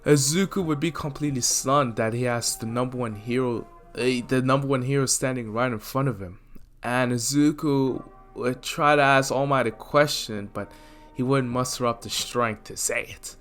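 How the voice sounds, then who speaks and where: A young man spinning a fan-made what-if story, loose and rambling, tossing in fillers as he goes. His pitch sits in a middling range. Soft lofi music runs faintly in the background. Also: moderate pace. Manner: rambling, filler-heavy, relaxed. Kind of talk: casual fan-story narration.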